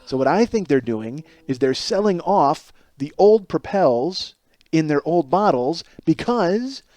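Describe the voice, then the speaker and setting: Male podcast host, 40s, solo comic monologue; incredulous and profane, slightly high voice, close dry sound. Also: very animated, unhurried, a little mellow, dry recording. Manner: incredulous profane ranting, shifting to rambling storytelling.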